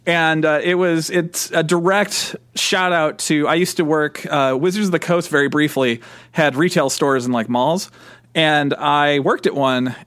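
A man's voice: on the high side, steady tone, unhurried, a bit bright, no room sound, studio quality. A man co-hosting a podcast, telling a story in casual chat, rambling and correcting himself as he goes, often laughing. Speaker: podcast co-host.

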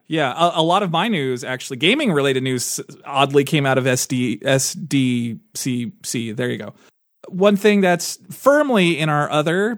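A man co-hosting a podcast in casual chat, jokey and animated with quick asides. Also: on the high side, no room sound, studio quality. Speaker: podcast co-host.

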